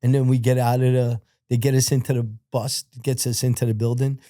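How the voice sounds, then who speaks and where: Blunt, profane man with a dark voice. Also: mid-range voice, a little fast, dry recording, studio quality. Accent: American. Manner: blunt, profane, animated when quoting others. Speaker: guest telling his life story. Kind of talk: casual storytelling interview.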